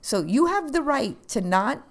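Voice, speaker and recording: A woman's voice: high voice, sing-song, measured pace, creaky. A woman co-hosting a podcast, talking in an earnest, encouraging coaching way. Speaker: podcast co-host. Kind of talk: casual chat.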